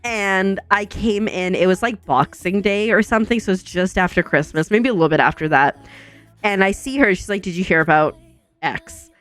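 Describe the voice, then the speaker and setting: A young woman streaming from home, chatting casually with viewers, bubbly and chatty, full of "like" and quick laughs. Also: mid-range voice. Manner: says "like" a lot. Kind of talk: casual chat with chat readers. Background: soft background music.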